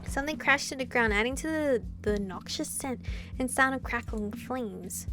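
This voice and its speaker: A young woman hosting a gaming video, reading a visual novel aloud with animated, laughing asides. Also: a little high, moderate pace. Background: game music.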